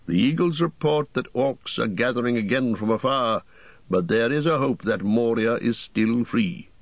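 A man reading the part of a wise old wizard in an audiobook, with a measured, solemn delivery. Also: mid-range voice, animated, no echo, highs cut off. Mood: grave. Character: wise old male wizard, grave and commanding.

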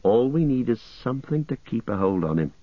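A man's voice: mid-range voice, big pitch swings, no room sound. A man voicing an earnest young male hobbit who speaks firmly and evenly. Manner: firm and measured. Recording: muffled lo-fi audio.

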